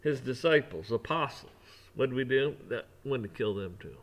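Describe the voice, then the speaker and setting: A man's voice: mid-range voice, lively intonation, moderate pace. Brief: male vlogger, preachy rambling rant, ordinary mid-range voice.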